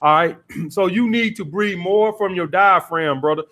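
A man's voice: sits high, moderate pace, sharp tone. A man hosting a call-in dating advice podcast, blunt and profane, repeating his points as he coaches a caller.

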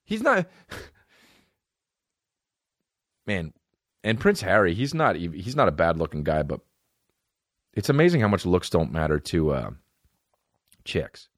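A male podcast host with a low voice that swings widely up and down as he riffs. He rambles through a profane, comedic rant and keeps breaking into invented back-and-forth dialogue. The sound is dry and close, with no room around it. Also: very animated, moderate pace, long pauses, no echo.

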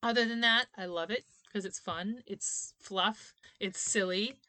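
A woman's voice: mid-range voice, measured pace, pushed and bright, no echo. A woman in her thirties co-hosting a casual podcast chat, chatty and opinionated, laughing often. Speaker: podcast co-host.

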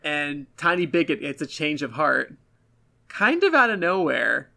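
A man's voice: on the high side, very animated, measured pace, vocal fry, sharp tone. A man co-hosting a casual podcast, giving blunt, self-deprecating critiques of an episode. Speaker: podcast co-host. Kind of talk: casual review chat.

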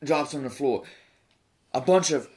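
A man's voice: on the high side, lively intonation, unhurried, darkish tone. A man from Maryland, a cook appearing as a podcast guest, ranting in a fired-up way with lots of swearing and stumbling restarts. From Maryland, USA. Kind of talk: casual podcast chat.

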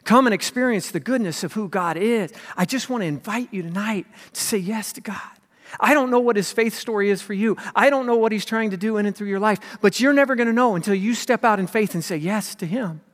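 Man, pastor's sermon, high voice, loud then whispered, long hall reverb. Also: fairly quick. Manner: dramatic, swings from loud emphasis to hushed whispers.

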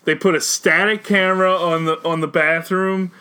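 A man chatting casually about movies as a podcast co-host, recapping scenes with halting restarts. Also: high-pitched, fairly even intonation, pushed and bright, clean tone. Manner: rambling, halting recaps with many uhs. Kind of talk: casual film chat.

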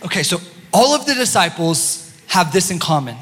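A man preaching a sermon as pastor, lively and joking with his congregation. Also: sits high, moderate pace, slightly rough. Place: church sanctuary. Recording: long church-hall reverb.

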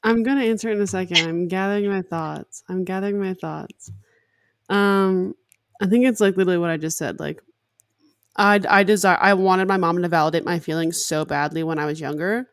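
A woman's voice: fairly low pitch, steady tone, a little fast, dry recording. Candid young woman, dry close sound. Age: 20s. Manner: candid, heavy use of "like" as filler. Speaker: podcast host. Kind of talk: casual chat.

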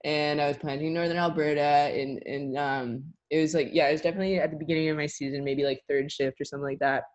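A woman's voice: deep voice, fairly even intonation, quick pace, dull audio. A young woman in her twenties, a tree planter telling a story in a casual interview, chatty and full of filler words. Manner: chatty, lots of "like" fillers, laughs while telling.

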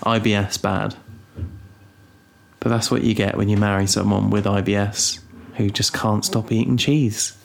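A young man co-hosting a casual podcast, rambling and teasing with deadpan asides. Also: fairly low pitch, measured pace, creaky. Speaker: podcast co-host. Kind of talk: casual chat.

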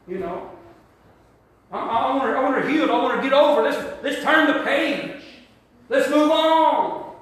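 A male pastor preaching a sermon, repeating words and building to shouts. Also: extremely high pitch, moderate pace, pauses often. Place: church sanctuary. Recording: very echoey church hall.

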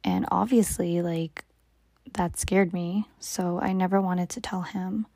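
Soft, gravelly young woman telling a story. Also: lowish voice, steady tone, slow pace, no room sound. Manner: often drops into a soft half-whisper, many filler "like"s. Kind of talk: casual personal storytelling.

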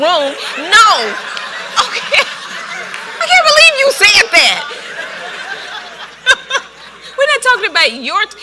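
Woman pastor, sermon. Tense, bright tone, pitched slightly high; lively storyteller who repeats lines for emphasis. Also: slight background noise. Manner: animated storytelling, laughs often.

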